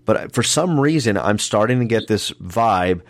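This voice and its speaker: A man's voice: on the low side, lively intonation, measured pace. A man hosting a wrestling podcast, running through match predictions in an announcer-like way. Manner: announcer-like, addressing listeners as folks. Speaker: podcast host.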